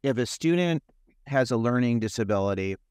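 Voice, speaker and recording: A man's voice: mid-range voice, expressive, brisk, darkish tone, smooth, no room sound. Man, mid-range voice, dry close mic, rambling podcast host who restarts often. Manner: rambling, repeats words and restarts. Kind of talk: conversational interview.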